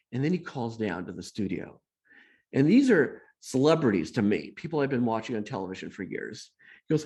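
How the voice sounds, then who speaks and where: With a husky, medium-pitched voice and a brisk pace, a middle-aged guest speaker shares a personal story. He's animated and self-deprecating, mimicking the voices of those he quotes.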